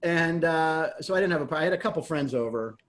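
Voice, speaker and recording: A middle-aged man telling stories in a casual interview, animated and laughing often as he acts out what people said. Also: fairly high pitch, fairly quick. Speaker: guest, comedian and game show host.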